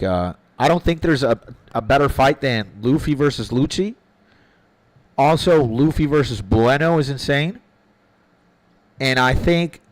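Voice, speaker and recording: A man's voice: medium pitch, no echo, rough recording. A man streaming a game, chatting casually with his viewers, opinionated and swearing freely, often repeating himself as he gathers his thoughts. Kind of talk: casual live-stream chat, answering viewers.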